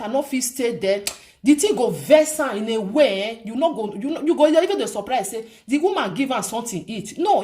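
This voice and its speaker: A woman's voice: sits high, darkish tone. A woman with a Nigerian accent giving casual commentary to her viewers, emphatic, repeating her points and asking rhetorical questions. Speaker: vlogger.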